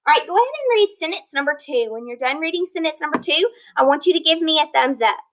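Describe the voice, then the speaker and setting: A woman teaching a phonics lesson, sounding out word parts slowly and deliberately, praising and checking in with her students. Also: sits high, lively intonation, a bit bright, rough recording. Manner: encouraging, checks in with "okay?". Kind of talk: recorded online lesson.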